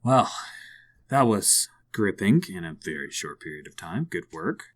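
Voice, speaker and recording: A man's voice: deep voice, very animated, measured pace. A man who hosts the show, playing his character in first person and then chatting as interviewer. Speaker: podcast host playing a character. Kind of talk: tabletop role-play in first person, then interview chat.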